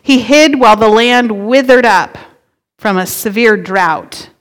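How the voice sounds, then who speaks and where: A woman's voice: on the high side, unhurried. A woman pastor giving a sermon in a conversational way, playing with word emphasis. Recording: long hall reverb.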